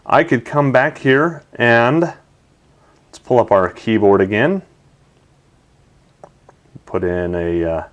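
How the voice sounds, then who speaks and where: A man hosting a tech video, narrating a product demo in an enthusiastic, chatty way. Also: medium pitch.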